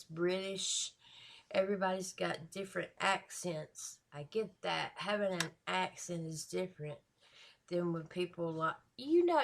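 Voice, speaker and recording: Slow, gravelly woman reacting. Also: on the low side, slight background noise. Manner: chatty, emphatic, stretches key words. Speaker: reaction video host. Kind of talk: casual reaction commentary.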